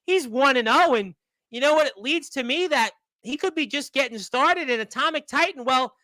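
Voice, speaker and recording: A man's voice: extremely high pitch, lively intonation, moderate pace, pushed and bright, no room sound. A man hosting a wrestling radio show, chatty and rambling, laughing along with his guest. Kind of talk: casual sports radio chat.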